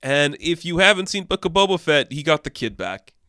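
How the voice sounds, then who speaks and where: A young man hosting casual entertainment news commentary, animated and sarcastic, swinging between deadpan asides and excited outbursts. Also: a little high, fairly quick, clear, resonant tone, no room sound, studio quality.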